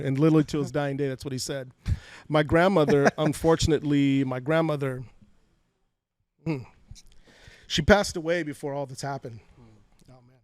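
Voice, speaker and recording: A man in his forties from Fresno, California, guests on a podcast, candidly sharing emotional life stories and often repeating words. His voice sits on the high side with a steady, darkish tone, moving at a moderate pace with frequent pauses. The personal storytelling interview is captured dry on a podcast studio mic.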